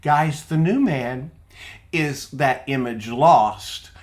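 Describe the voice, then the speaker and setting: A man's voice: mid-range voice, very slow. A man preaching an earnest online sermon to viewers, who repeats his points and asks rhetorical questions.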